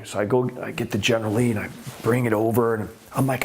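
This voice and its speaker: Animated middle-aged man telling stunt stories. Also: fairly low pitch, quick pace, slightly rough. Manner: animated, acts out quoted voices, rising excitement. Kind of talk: casual storytelling.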